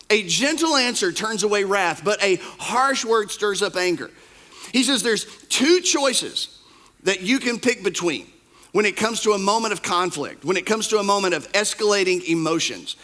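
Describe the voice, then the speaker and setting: Male pastor, high bright voice, emphatic sermon delivery with lots of repetition. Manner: emphatic, repeats key phrases; swings between soft asides and loud outbursts. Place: church.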